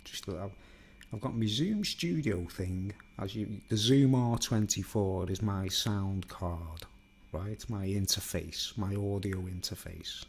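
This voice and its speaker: A man with a Liverpool accent chatting casually to viewers from a home studio in a block of flats, rambling and self-mocking on a studio microphone. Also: on the low side, measured pace, a little hiss or hum. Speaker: YouTuber. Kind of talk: casual chat to camera. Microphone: studio microphone, then a recorder's built-in mics.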